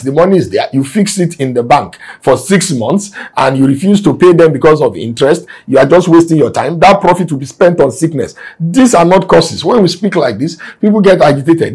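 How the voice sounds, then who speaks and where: Male preacher, husky voice, reads verses then explains them, grows emphatic. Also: on the high side. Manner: emphatic, rising to forceful exhortation; reads scripture aloud and explains it. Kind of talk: sermon. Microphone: broadcast to remote listeners.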